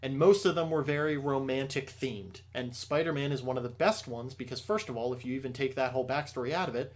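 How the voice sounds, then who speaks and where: A man co-hosting a casual podcast chat, excitable and swearing a lot, raising his voice when he gets worked up. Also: mid-range voice, quick pace. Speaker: podcast co-host.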